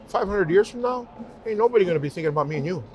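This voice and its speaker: A man's voice: high voice, expressive, very fast, a little mellow, dull audio, slight background noise. A man, a guest in an interview, telling heartfelt stories in casual conversation and repeating phrases for emphasis. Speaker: interview guest, professional singer.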